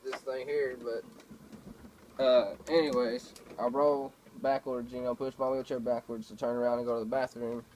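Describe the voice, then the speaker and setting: A man's voice: medium pitch, little pitch movement, normal speed, darkish tone, slight background noise, rough recording. A man talking casually to a camera at home, telling rambling everyday stories with lots of fillers and swearing. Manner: laid-back, profane, storytelling with many fillers. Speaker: vlogger. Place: home, indoors.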